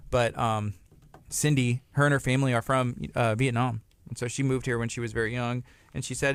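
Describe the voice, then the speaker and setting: A man's voice: mid-range voice, flat delivery, a little fast, clear, resonant tone, dry recording. Chatty man co-hosting a radio show. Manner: chatty, laughs often, tells anecdotes. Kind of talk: casual morning radio chat.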